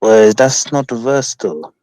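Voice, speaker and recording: A man's voice: mid-range voice, animated, slow, darkish tone, dry recording, poor audio. A man calling into a debate show, answering hesitantly and mildly. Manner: hesitant, mild replies. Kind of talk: live call-in debate.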